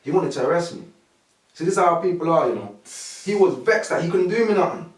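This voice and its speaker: A man recounts his experiences at a rapid clip, his voice sitting somewhat high. He acts out what others said as he goes. The sound is roomy and comes from some way off the mic. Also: far from the mic. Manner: lively anecdotes, acting out what others said. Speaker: podcast guest. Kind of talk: casual storytelling.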